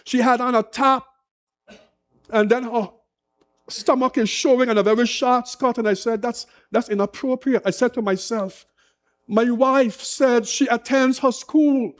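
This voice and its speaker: A man preaching a sermon as pastor, slow and impassioned with dramatic pauses. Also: very high voice, fairly even intonation.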